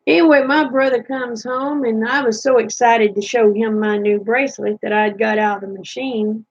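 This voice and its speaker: A woman with a high, slightly husky voice, spinning folksy childhood stories in a chatty way. The recording sounds dull and lo-fi. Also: fairly even intonation, moderate pace. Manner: folksy, chatty, laughs at her own stories. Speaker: vlogger. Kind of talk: casual storytelling.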